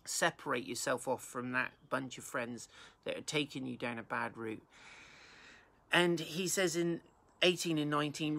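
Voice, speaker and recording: A man's voice: medium pitch, gravelly, sharp tone. A man pastor from England giving an informal Bible talk, reading verses aloud and then explaining them in plain words.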